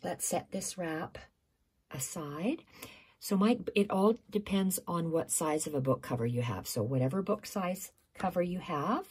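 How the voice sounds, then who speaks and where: A woman's voice: lowish voice, expressive, unhurried, a little mellow, breathy edge. A woman hosting a casual stitching tutorial, explaining step by step, repeating measurements and correcting herself, sometimes dropping to a near-whisper.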